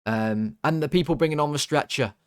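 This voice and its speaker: A man's voice: fairly high pitch, brisk, clear, resonant tone, no echo, clean studio sound. A young man from England hosting a football fan channel, ranting in an exasperated, sarcastic, rambling way with many restarts. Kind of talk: ranting football video commentary.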